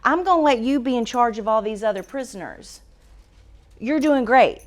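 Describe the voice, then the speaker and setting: A woman's voice: a little high, expressive, normal speed, lightly acted. A woman doing a chummy prison warden. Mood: encouraging. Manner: encouraging, chummy. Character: friendly male prison warden.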